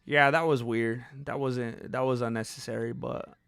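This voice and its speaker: A man's voice: medium pitch, fairly even intonation, moderate pace, creaky, a bit bright, clean tone, dry recording. A man hosting a live stream, reading viewer comments and bantering in a laid-back, chuckling way.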